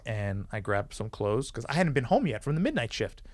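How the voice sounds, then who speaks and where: A former police officer, a man, telling a story as a podcast guest, animated and swearing freely as he acts out the people he quotes. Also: medium pitch, a little fast, no echo, studio quality. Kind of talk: casual storytelling.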